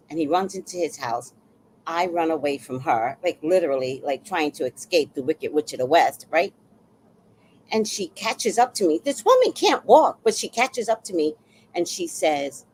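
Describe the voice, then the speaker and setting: A woman's voice: low-pitched, normal speed, slight background noise, low-quality recording. A woman telling a personal story in a casual monologue, acting out what others said. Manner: animated, acts out quoted voices.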